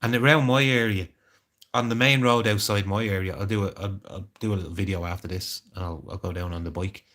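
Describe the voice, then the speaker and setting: Rambling low-voiced Irish man streaming live. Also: fairly even intonation, fairly quick, a bit bright. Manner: rambling, talks to chat viewers by name. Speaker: livestreamer. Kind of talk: casual live-stream chat.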